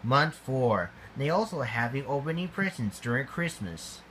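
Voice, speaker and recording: A man reading a homemade storybook aloud, slow and halting, with grammar slips. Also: medium pitch, lively intonation, a bit bright, slight background noise.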